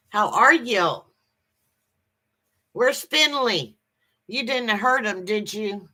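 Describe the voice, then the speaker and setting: Slow-talking bright woman greeting stream viewers. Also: medium pitch, expressive. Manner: chatty, halting, with many ums and restarts; greets viewers cheerfully by name. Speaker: livestream host. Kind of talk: casual livestream chat greeting viewers.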